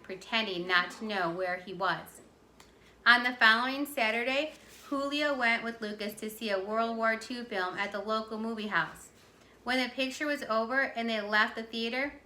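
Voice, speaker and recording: A woman teacher reading a children's chapter book aloud with clear, expressive storytelling. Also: fairly high pitch, roomy sound. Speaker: teacher reading to her class.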